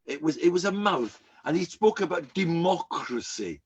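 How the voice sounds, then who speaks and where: An older man, a rabbi, giving an emphatic, animated sermon with frequent repetitions. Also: fairly high pitch, normal speed, few pauses, breathy edge, highs cut off.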